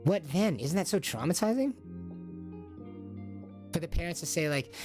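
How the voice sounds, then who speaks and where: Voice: mid-range voice, expressive, moderate pace, long pauses, faint music behind. A stream host talking through a casual monologue, asking rhetorical questions and acting out short quoted lines from parents and children.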